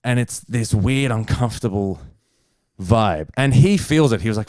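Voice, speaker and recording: Comedian telling an animated story. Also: male voice, on the low side, normal speed, smooth, dry recording, clean studio sound. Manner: animated, swears freely, acts out other people's lines. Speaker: stand-up comedian. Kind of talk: casual chat storytelling.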